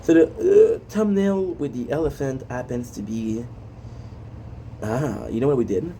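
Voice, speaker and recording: A man's voice: mid-range voice, unhurried, warm tone, slight background noise. A man streaming live, rambling casually to his chat with lots of fillers and asides.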